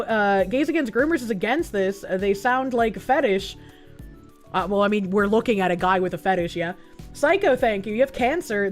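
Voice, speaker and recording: High-voiced, profane woman streamer. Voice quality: profane, exasperated outbursts. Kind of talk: casual reaction stream.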